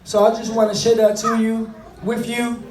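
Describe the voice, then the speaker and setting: A man's voice: very high-pitched, completely flat delivery, moderate pace, a little mellow, distant mic. Middle-aged man, earnest and conversational, speaking to an audience on fatherhood; echoey room, sitting back from the mic. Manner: earnest, conversational, repeats and restarts. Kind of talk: motivational talk to an audience.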